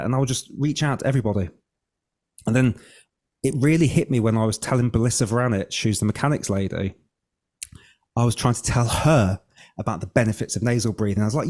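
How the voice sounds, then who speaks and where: Brief man, breath coach, guest; candid chatty storyteller, mid-pitched, plays out his own thoughts, swears a little. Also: fast, a little mellow. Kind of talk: casual interview storytelling.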